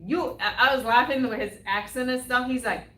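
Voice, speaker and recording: A woman co-hosting a live tennis talk show, giving quick replies and reading out viewer comments. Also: on the high side, a bit bright. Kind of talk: casual live-stream discussion. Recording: echoey room.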